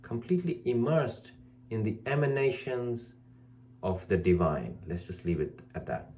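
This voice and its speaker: Speaking slowly and expressively in a warm tone, a man plays a spiritual teacher delivering a preachy, scolding monologue to camera. He hammers his points home through repetition and mocks people's excuses in a whiny, high-pitched voice. There is slight background noise.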